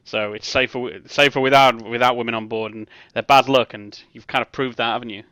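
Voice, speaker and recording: Guy doing a gruff sexist ship captain, bright voice, dry recording. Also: medium pitch, steady tone, a little fast, no echo, natural voice. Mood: dismissive.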